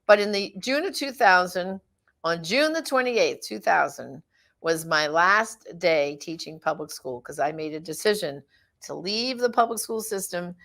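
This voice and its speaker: A woman's voice: fairly low pitch, animated, unhurried, creaky, fairly bright tone. A middle-aged woman giving a casual personal testimony, telling her story and acting out the voices of the people in it. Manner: storytelling, acts out quoted voices.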